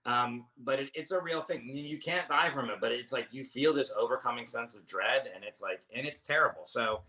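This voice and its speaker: A man's voice: medium pitch, fairly quick, pushed and bright. A man, a comedian guest, telling stories in a casual chat, rambling, restarting and swearing freely. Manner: rambling, self-interrupting storyteller, swears freely.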